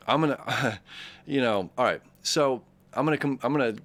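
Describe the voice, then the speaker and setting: A man's voice: medium pitch, normal speed, a bit bright. A man hosting an astrology talk, loose and conversational, full of fillers and restarts, often checking in with "right?" and "okay?". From Detroit, Michigan area. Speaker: astrology channel host. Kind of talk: casual rambling commentary.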